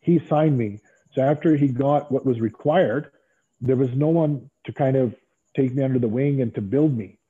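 Heard over a tinny line that sounds like a phone, this interview guest is a former pro wrestler whose medium-pitched male voice has a breathy edge and normal speed. His casual storytelling rambles, with frequent fillers and restarts.

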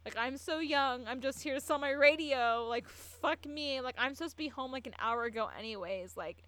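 A woman's voice: mid-range voice, a little slow, gravelly, dry recording. A woman voicing a terrified young man who begs for his life, in frantic, rambling pleading while she is tipsy. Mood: begging.

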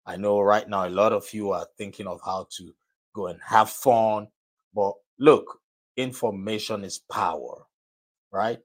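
A man hosting a live broadcast and podcast, giving a motivational talk in a deliberate, repetitive way that leans on key phrases. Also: on the low side, steady tone.

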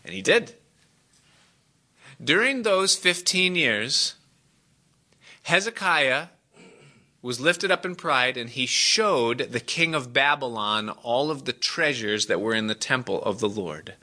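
A man's voice: expressive, takes it slowly, pauses often, sharp tone. A man preaching a sermon to a congregation, acting out the people in the story with dramatic swings in his voice. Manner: dramatic, acts out quoted voices with big pitch jumps. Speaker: pastor.

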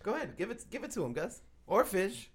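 A man's voice: high voice, sing-song, brisk, husky. A man co-hosting a podcast, teasing and joking in casual chat. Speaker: podcast co-host.

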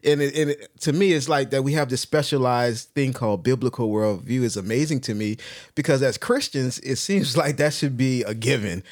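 A man co-hosting a podcast, asking thoughtful questions in a halting, searching way. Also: medium pitch. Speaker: podcast co-host. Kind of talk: podcast interview.

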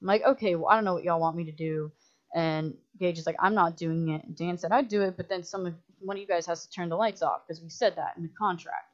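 Woman director as podcast guest, low-ish voice, animated and swearing, dull lo-fi sound. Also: fast talker. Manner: animated, profane, full of "like" fillers, acts out others' lines. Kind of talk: casual storytelling in a podcast chat. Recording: muffled lo-fi audio.

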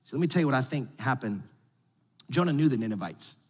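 A man preaching a sermon with casual, animated delivery and slangy asides. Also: mid-range voice, quick pace, breathy edge, long reverb tail. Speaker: pastor.

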